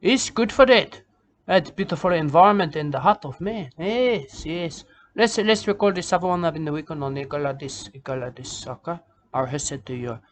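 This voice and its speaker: A man's voice: fairly high pitch, a little fast, slight background noise, natural voice. A man voicing a rambling, self-important male bush poet in a comic monologue, repeating himself and tagging lines with "okay?" and "mate".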